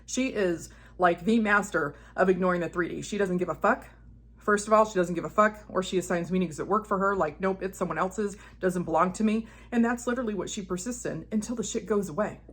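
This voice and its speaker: A woman's voice: mid-range voice, a little fast, a bit bright. A woman manifestation coach talking in a casual monologue, blunt and profane, telling stories with acted-out quotes.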